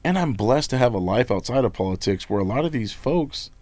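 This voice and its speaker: A man's voice: mid-range voice, fairly quick, dry recording. A middle-aged man from Nevada, a union leader talking candidly and with energy in a casual interview, often repeating himself. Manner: candid and animated, blunt words, repeats himself. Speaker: union leader, podcast guest.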